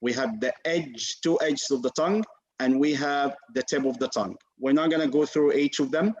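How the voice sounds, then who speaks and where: Over muffled video call audio, a male Quran recitation teacher speaks in a mid-range voice at a normal speed. He teaches his class with patience and encouragement, modeling sounds and repeating them for the students.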